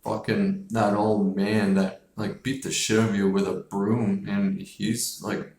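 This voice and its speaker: Slow, rambling, low-voiced man reviewing films. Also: level tone, darkish tone, reverberant. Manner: rambling, profane, heavy use of "like". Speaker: film reviewer. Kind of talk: casual movie review.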